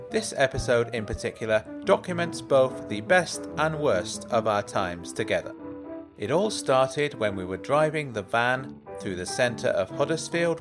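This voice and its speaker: A young man hosting a comedy podcast, narrating and chatting in a dry, low-key, exasperated way. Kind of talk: deadpan comedy narration and sketch.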